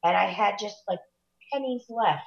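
A woman's voice: mid-range voice, normal speed, gravelly, highs cut off. A woman chatting casually, agreeing eagerly and chiming in with her own stories. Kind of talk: casual chat.

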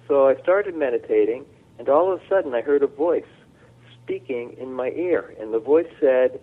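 A man's voice: medium pitch, animated. Man telling a story over a tinny phone line. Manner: slow, halting storytelling with fillers. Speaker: guest. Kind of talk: telling a personal story on a radio show.

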